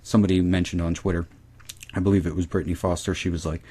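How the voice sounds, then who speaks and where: A man's voice: low voice, level tone, quick pace, warm tone, breathy edge. A man casually recapping a TV episode, rambling and swearing freely. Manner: rambling, profane.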